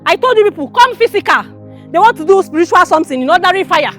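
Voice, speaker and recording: A wicked aunt with a Nigerian accent, scolding and mocking in a high voice that swoops all over. Soft film music plays underneath. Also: female voice, expressive, racing. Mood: spiteful. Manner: scolding, mocking, switching into Igbo. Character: wicked scheming aunt, middle-aged woman.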